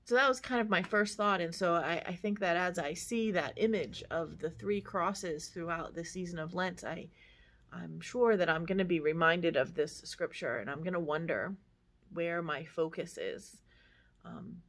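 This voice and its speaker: A woman pastor giving a casual devotional reflection, talking conversationally with many fillers and asides. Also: sits low.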